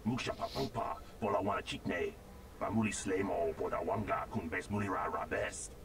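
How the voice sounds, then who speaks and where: A burbling alien creature. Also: male voice, sits low, fairly even intonation, normal speed, background noise. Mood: chattering. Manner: burbling, rhythmic alien babble. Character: alien creature speaking an alien tongue. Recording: distant voice under loud game music.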